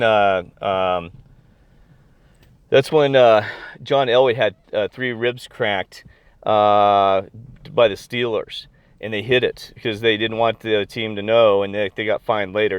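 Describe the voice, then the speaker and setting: A middle-aged man chatting casually to camera, rambling and excitable with lots of fillers and restarts. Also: lowish voice, clean tone, no echo. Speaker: video blogger. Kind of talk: casual chat.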